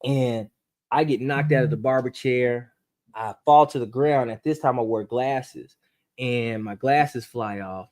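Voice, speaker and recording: A man telling a true story as a podcast guest, acting it out with sound effects and speeding up and rising in pitch when the tension builds. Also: measured pace. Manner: animated storyteller, acts out voices and gunshots; speeds up and rises in pitch at tense moments.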